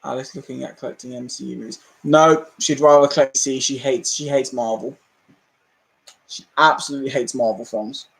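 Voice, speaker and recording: A man hosting a casual livestream, ranting in an animated way, laughing often and swearing freely. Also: mid-range voice, fairly quick, gravelly. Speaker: livestream host.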